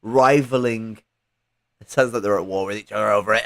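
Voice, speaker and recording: A man's voice: on the low side, brisk, gravelly. A man co-hosting a casual political chat stream, talking in a profane, rambling way with lots of fillers. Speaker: livestream co-host.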